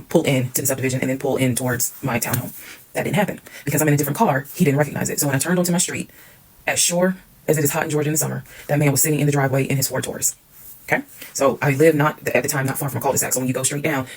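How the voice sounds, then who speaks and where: A woman's voice: rumbling low, slightly rough, poor audio. A woman telling a personal story in a casual storytime monologue, candid and emphatic, swearing freely.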